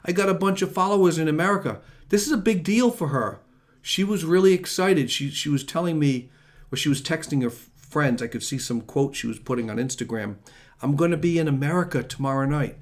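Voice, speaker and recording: Chatty higher-voiced man hosting. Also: expressive, fairly quick. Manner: rambling, chatty, jokey. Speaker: host. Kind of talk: casual talk show sign-off.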